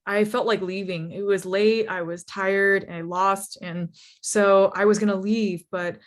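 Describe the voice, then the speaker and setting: A young woman telling her founder story in a lively, casual talk, full of fillers and laughs. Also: medium pitch, unhurried. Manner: animated, laughs often, many fillers like "you know" and "like". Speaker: startup founder speaker.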